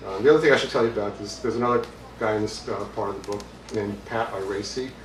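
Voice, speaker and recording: Middle-aged author reading, roomy and distant. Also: male voice, lowish voice, quick pace, slight background noise. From Brooklyn, New York. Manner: conversational, hesitant with fillers, amused. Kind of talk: book reading with asides. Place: bookstore, indoors, with audience. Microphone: distant mic. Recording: roomy, distant mic, faint ambience.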